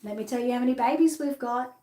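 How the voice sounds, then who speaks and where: A woman's voice: high voice, fast talker, mellow. A middle-aged Australian woman presenting dolls for sale in a bubbly, chatty way, often laughing at herself. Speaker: doll seller and presenter. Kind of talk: chatty live sales showcase. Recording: roomy echo.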